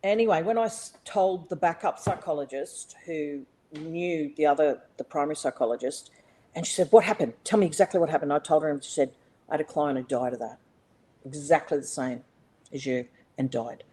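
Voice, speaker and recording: An Australian woman, middle-aged, telling a personal story as a podcast guest, animated and blunt, swearing freely with many fillers and restarts. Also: low-pitched, normal speed, rough recording. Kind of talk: casual conversational storytelling.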